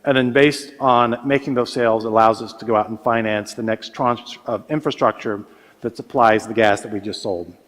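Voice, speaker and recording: A man speaking as a panelist at a business forum, measured and full of hesitations and restarts. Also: fairly low pitch, fairly even intonation, a bit bright. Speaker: panelist, energy company executive. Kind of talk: conference panel remarks. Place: large conference hall. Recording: reverberant hall sound.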